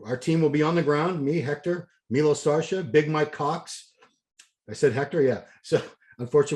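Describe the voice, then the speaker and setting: A chatty male host talks in a fairly high voice, wandering through schedules and jokes. His delivery is loose and rambling, like a casual show wrap-up. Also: moderate pace, a little mellow.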